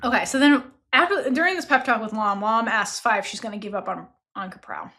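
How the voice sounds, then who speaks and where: A woman hosting a casual book review podcast, chatty and expressive, swearing freely as she talks. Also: a little high, a little fast. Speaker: book club podcast host.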